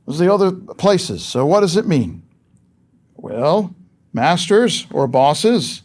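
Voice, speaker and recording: A man's voice: fairly high pitch, sing-song, takes it slowly, pauses often. A man preaching a sermon in a conversational, emphatic way, asking rhetorical questions of his listeners.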